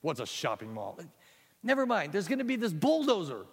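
An excitable young boy in ant form, stammering and tripping over his words, as a man puts him on, pitched high above his own voice. He sounds loud and breathless, and the sound rings with a long echo like a big hall. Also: fairly quick, husky, full character voice. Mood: pleading. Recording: echoey hall.

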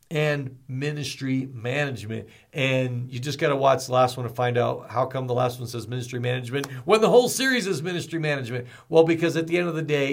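A man hosting a ministry podcast, talking in an energetic, storytelling way with folksy asides. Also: mid-range voice, creaky. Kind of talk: motivational podcast talk.

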